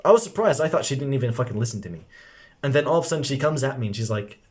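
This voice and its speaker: Speaking to camera, a young self-improvement coach delivers a loose, rambling monologue crammed with filler words and casual swearing, addressing the listener as "bro." His pitch is middling, his intonation lively, and his delivery rapid-fire.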